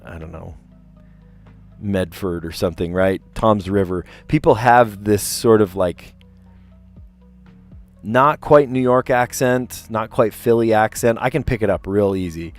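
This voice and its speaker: Soft music plays behind this South Jersey man as he hosts a puzzle stream, talking in an unhurried, lowish voice. He rambles along chattily in a light South Jersey accent and keeps interrupting himself before finishing his thoughts.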